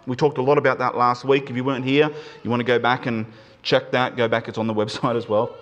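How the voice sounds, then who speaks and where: A male preacher giving a sermon to a church in an emphatic, animated manner, slowing down and speeding up to stress points. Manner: animated, emphatic, shifts pace and pitch for emphasis.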